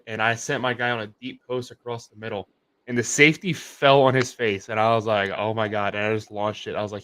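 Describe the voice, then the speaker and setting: Animated young man telling game stories. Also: fairly low pitch. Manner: animated storyteller, many "like" fillers. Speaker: co-host. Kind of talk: casual chat on a sports livestream.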